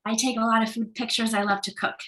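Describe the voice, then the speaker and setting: A woman from the United States reading her poems on a video call, soft and measured. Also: fairly high pitch, level tone, rough recording. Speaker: poet. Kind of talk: poetry reading.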